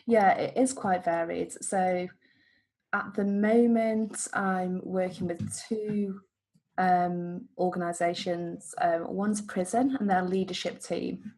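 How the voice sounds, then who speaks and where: Woman, life coach guest, husky gravelly voice, chatty, video call. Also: on the low side, fairly even intonation, slow pace, a little mellow. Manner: chatty, upbeat, self-correcting. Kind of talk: casual interview answers.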